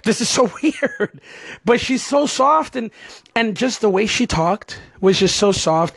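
A man hosting a podcast, telling a story in an animated, chatty way and laughing as he goes. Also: high voice, fairly quick, slightly rough, no echo. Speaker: podcast host. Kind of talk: casual storytelling chat.

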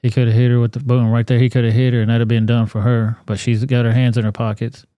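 A man hosting a podcast, commenting on a news video in a blunt, profane, animated rant. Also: mid-range voice, quick pace, no room sound. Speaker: podcast host.

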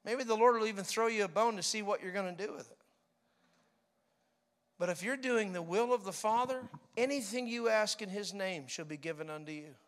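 Middle-aged man preaching, high-pitched and lively, acts out stories with funny impressions. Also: brisk. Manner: animated storytelling, mimics laughter. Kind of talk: sermon.

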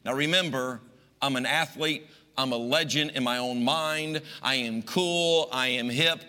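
A middle-aged pastor telling stories in a sermon, animated and folksy, swinging between loud and hushed. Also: male voice, mid-range voice, a little slow, smooth. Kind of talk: storytelling sermon. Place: church sanctuary. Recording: long church reverb.

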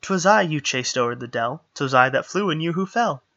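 A man's voice: a little high, expressive, normal speed, bright, forceful tone, highs cut off. A man voicing a mischievous goat-man trickster who talks in sing-song rhymes. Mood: playful. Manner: sing-song rhyming speech.

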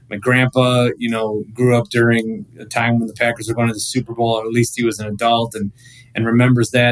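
A man in his thirties, a radio host guesting on a podcast, chatting casually and telling animated, rambling stories full of restarts. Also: medium pitch, low-quality recording.

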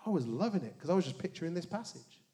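A man preaching a sermon, animated, with joking asides and dramatic hushed emphasis on key words. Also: a little high, fast talker. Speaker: pastor.

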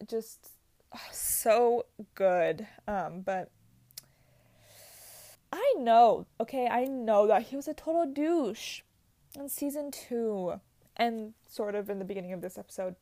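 A young woman talks in a loose, gushing vlog chat, dropping "like" and "um" all through. Her voice sits a little high. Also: lively intonation, measured pace, long pauses, warm tone. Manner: chatty and gushing, with many "like"s and "um"s. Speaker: vlogger. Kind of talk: casual chat.

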